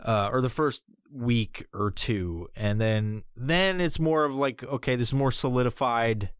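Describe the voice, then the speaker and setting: A man's voice: mid-range voice, unhurried, clean tone, no echo, clean studio sound. A man hosting a podcast, telling a rambling, heavily profane comedic story. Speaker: podcast host.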